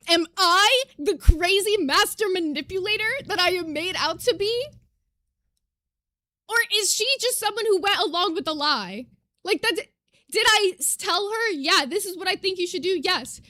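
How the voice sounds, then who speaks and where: High, bright-voiced woman ranting to chat. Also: animated, unhurried, no echo, studio quality. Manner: emphatic, profane, indignant. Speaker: streamer.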